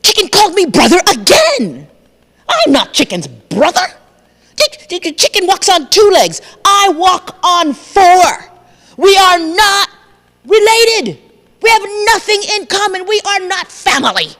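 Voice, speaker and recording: A woman's voice: extremely high pitch, big pitch swings, unhurried, fairly bright tone, voice pushed up, full character voice. A woman storyteller voicing a baffled, indignant male crocodile who stammers his protests. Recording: long reverb of a sanctuary.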